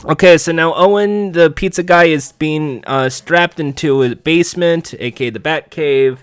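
A man giving sarcastic, foul-mouthed reaction commentary over a show he is watching, breaking into shouted outbursts. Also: on the high side, normal speed, smooth, no room sound.

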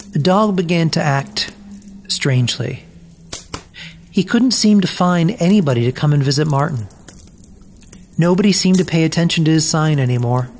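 A storybook narrator reading aloud gently and deliberately, with mournful pauses. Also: medium pitch, a little hiss or hum.

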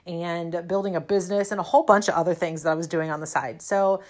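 Living in a cold, snowy city, a woman who instructs fitness recounts a personal story, chatty and self-mocking, with many fillers. She speaks fast in a fairly low voice with a steady tone.

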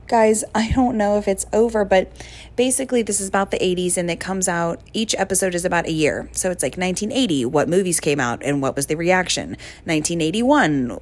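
A woman's voice: medium pitch, brisk. A young woman hosting a casual solo podcast, chatty and gushing with lots of fillers. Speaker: podcast host.

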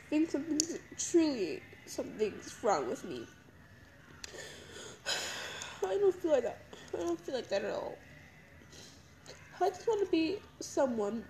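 A young woman crying as she talks through her feelings in a halting, repetitive confessional monologue. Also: very high voice, dark tone, slight background noise, poor audio. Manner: halting, emotional, repeats herself. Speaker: podcast host.

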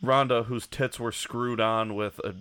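A man's voice: mid-range voice, steady tone, a little slow, fairly bright tone, clear, resonant tone, no room sound. A man co-hosting a podcast, blunt and sarcastic, swearing often in crude chat. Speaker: podcast co-host. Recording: faint background noise.

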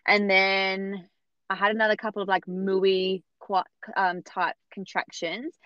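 A woman, telling a story in a chatty, animated way and acting out what others said. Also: mid-range voice, unhurried, no room sound. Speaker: podcast guest telling her birth story. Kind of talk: casual storytelling. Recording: dull, muffled sound.

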